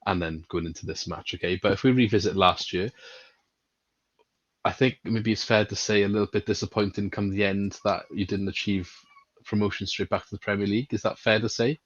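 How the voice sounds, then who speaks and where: Male podcast host, very low voice, dull dry sound, relaxed and chatty. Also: a little fast, slightly rough, dry recording. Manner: relaxed, chatty, some hesitant restarts. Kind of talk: casual football podcast chat.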